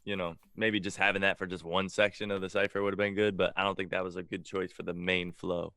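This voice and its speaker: A man co-hosting a casual music reaction chat, relaxed and thoughtful, often hedging his views. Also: low-pitched, fast talker, smooth, no room sound.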